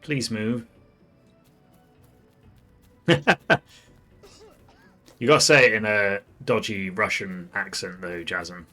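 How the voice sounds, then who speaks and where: A man's voice: fairly low pitch, fairly even intonation, takes it slowly, pauses often, bright, forceful tone, soft background music. Wry man commenting on his gameplay. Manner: chatty, wry, talks to the screen. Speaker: streamer.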